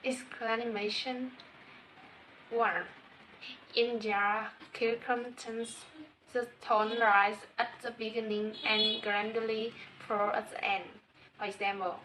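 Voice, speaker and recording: A woman with a Vietnamese accent reading a class presentation, slowly and carefully going through her points. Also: fairly high pitch, level tone, sharp tone. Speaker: student presenter. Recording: distant mic with faint noise.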